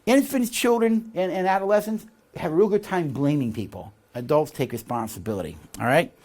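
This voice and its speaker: A man's voice: a little high, fairly quick. A man teaching a leadership course, explaining ideas, reading passages from the text and checking in with his listeners. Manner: animated, asks the audience for agreement with "all right?" and "see?". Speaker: leadership instructor. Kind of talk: recorded teaching lecture.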